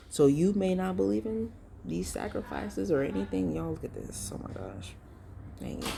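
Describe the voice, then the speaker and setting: In preachy vlog commentary, a ministry vlogger addresses viewers directly as y'all, casual yet earnest, emphatic, and pleading. The mid-range voice sounds creaky and dark, with slight background noise.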